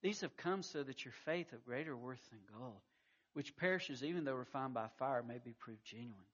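A pastor preaching a sermon, telling stories in a folksy way with frequent stammered restarts. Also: male voice, medium pitch, normal speed. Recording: muffled lo-fi recording.

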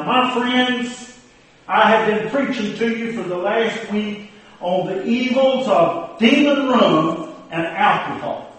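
High-voiced folksy preacher comic. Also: male voice. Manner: folksy drawling storyteller. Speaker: preacher character. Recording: echoey hall, distant mic.

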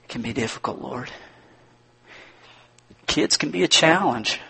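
Casting: male preacher, folksy storyteller, bright voice with a raspy edge. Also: mid-range voice, expressive, measured pace. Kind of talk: sermon.

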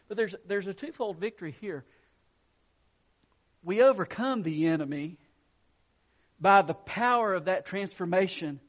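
A man preaching a sermon, reading scripture and building to emphatic rising bursts. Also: sits high. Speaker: pastor.

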